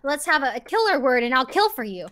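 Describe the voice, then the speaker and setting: High, bright excitable young woman streamer. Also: fast. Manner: excitable, laughs often, repeats words in bursts. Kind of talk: casual game chat.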